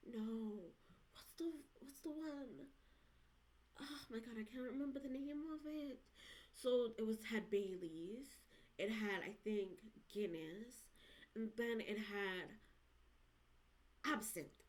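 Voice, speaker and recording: A woman's voice: a little high, takes it slowly, pauses often, poor audio. A young woman vlogging, telling a casual, rambling story to camera with slangy asides.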